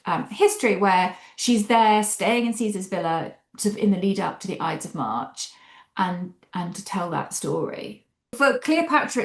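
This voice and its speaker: A woman novelist answering interview questions about her writing, speaking in an animated, expressive way and thinking aloud as she goes. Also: mid-range voice. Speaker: novelist discussing her book. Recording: roomy echo.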